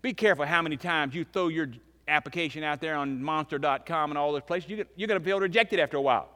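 A man in his fifties preaching a sermon as pastor, emphatic, swinging between loud and hushed. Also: on the high side, fast talker. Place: church sanctuary. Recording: long reverb of a large church hall.

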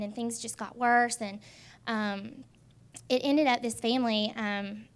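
A woman in her twenties telling her personal faith testimony in an earnest, halting way with many pauses. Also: fairly high pitch. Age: 20s. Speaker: testimony speaker.

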